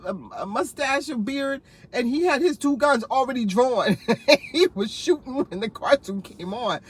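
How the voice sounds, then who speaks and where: Laughing animated woman telling stories. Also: high voice, husky. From New Jersey. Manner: animated, laughs often, rambling asides. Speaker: vlogger. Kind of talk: casual storytelling to camera.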